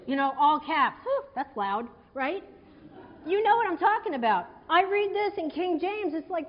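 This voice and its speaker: A woman preaching a sermon in a conversational, animated way, retelling a scripture story and acting out its quotes. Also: high-pitched, normal speed. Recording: dull sound in a hall with long reverb.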